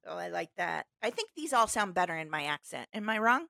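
A woman's voice: fairly low pitch, sing-song, brisk, vocal fry, pushed and bright, dry recording, studio quality. A woman co-hosting a podcast in casual chat, giggling often and playful as she reads things aloud. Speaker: podcast co-host.

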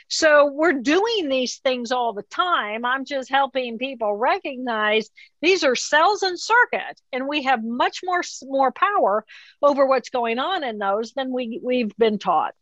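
Woman guest, clear bright explainer, acts out thoughts in quotes. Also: high voice, a little slow, no echo, muffled recording. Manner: explains calmly, acts out inner voices in quotes. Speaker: author and neuroscientist guest. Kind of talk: interview conversation.

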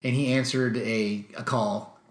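A man's voice: mid-range voice, fairly even intonation, a little slow, reverberant. A man co-hosting a casual music podcast, rambling and joking. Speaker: podcast co-host.

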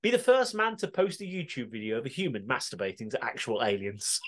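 A man's voice: medium pitch, big pitch swings, brisk, fairly bright tone. A man co-hosting a podcast, bantering crudely and laughing as he reads out listener answers. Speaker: podcast co-host.

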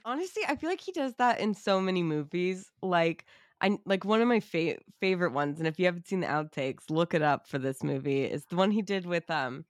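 A young adult woman co-hosting a podcast in casual chat, animated, swearing often and laughing a lot. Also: fairly low pitch, fairly quick, dry recording, studio quality. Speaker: podcast co-host.

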